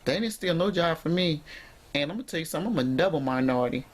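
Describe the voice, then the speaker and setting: Lecturing her viewers in direct-to-camera commentary, a woman vlogger speaks emphatically and preachily, addressing them head-on. Her voice is deep, expressive and fast.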